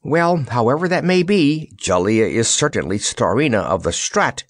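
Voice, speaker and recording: A man voices the kindly Scarecrow in a warm, approving mood, speaking expressively at a normal speed and at a medium pitch. He pitches it above his own natural voice, though it stays close to an everyday sound. The recording is dry and clean, with studio quality.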